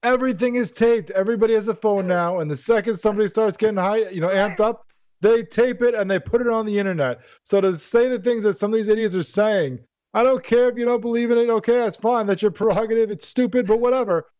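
A man co-hosting a talk show, making his point in quick, emphatic reasoning. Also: high-pitched, darkish tone, no echo, dull audio. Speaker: radio co-host.

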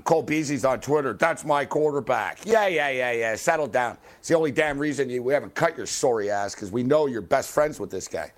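Brief: male sports radio host, fired-up rant, voice a bit high, swearing and heckling, late-night call-in style. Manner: angry, swearing, heckling athletes by name; bursts of loud high-pitched exclamation.

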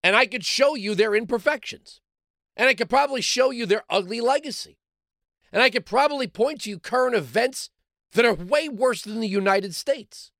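A middle-aged New man holds forth as a talk host, his voice pitched high and swinging widely as he jabs with rhetorical questions. The sound is dry and close, with no room around it. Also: lively intonation, normal speed, gravelly, a bit bright, dry recording. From New York City. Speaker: radio talk show host. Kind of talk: opinionated monologue.

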